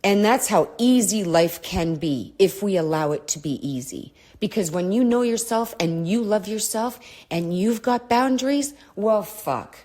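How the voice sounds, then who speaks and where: A middle-aged woman hosting a podcast, telling a personal story in a candid, blunt way, swearing often and drifting off topic, with a throat she keeps clearing. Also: mid-range voice, animated, measured pace, hardly any pauses, dark tone. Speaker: podcast host.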